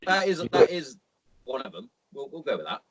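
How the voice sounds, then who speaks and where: A man's voice: high voice, huge pitch swings, a little fast, creaky, breathy edge. A man hosting a podcast, teasing and joking freely with plenty of swearing. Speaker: podcast host. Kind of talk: casual podcast banter.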